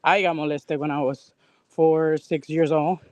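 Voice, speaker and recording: A woman guest on a livestream, out of breath from exercising, talking in halting, rambling bursts with many restarts. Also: low voice, steady tone, a little mellow, no room sound. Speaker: call-in guest. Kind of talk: casual live-stream chat.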